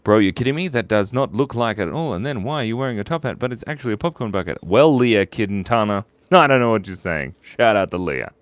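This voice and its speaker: A man with a deep voice hosts a casual live drawing stream, chatting playfully as he sketches. His pitch leaps up and down constantly, and he keeps up a steady stream of jokes and shout-outs to viewers. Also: fast, few pauses, no echo. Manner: playful, jokey, reads viewer names and shout-outs aloud.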